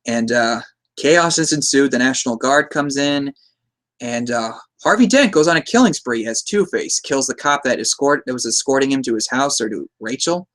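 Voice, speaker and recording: A man's voice: medium pitch, expressive, moderate pace, fairly bright tone. A man hosting a podcast, recapping a movie in a casual, rambling way, chuckling often and slipping into quoted lines. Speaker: podcast host.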